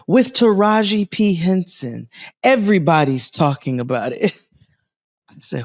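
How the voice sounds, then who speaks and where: A man co-hosting a comedy podcast from a living room, telling stories in animated, quick bursts with frequent laughs. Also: on the high side, no echo, studio quality. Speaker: podcast co-host. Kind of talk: casual comedic chat.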